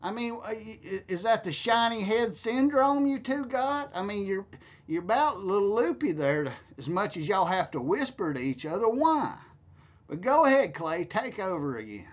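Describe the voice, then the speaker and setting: A man's voice: high-pitched, big pitch swings, normal speed, dull audio. A man giving heated, scornful commentary, ranting with profanity. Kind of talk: angry commentary.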